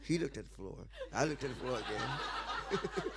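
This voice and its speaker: A man's voice: mid-range voice, lively intonation, unhurried, long pauses. A man being interviewed who tells a story with animation, acting out the dialogue and laughing often. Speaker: interview guest.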